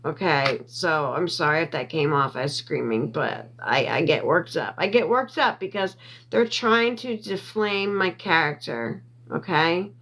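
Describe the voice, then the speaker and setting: A woman livestreaming from her phone, reading viewer comments, getting worked up and loud, repeating herself and defending her character. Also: deep voice, lively intonation, a little slow. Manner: reads and answers viewer comments. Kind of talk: emotional livestream chat.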